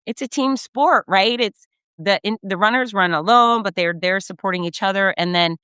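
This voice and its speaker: A middle-aged woman, a race announcer, telling effusive, animated stories in a casual recap and acting out the quotes. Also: medium pitch, normal speed, clean tone, dry recording. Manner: effusive, animated storyteller who acts out quotes. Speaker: race announcer and podcast host.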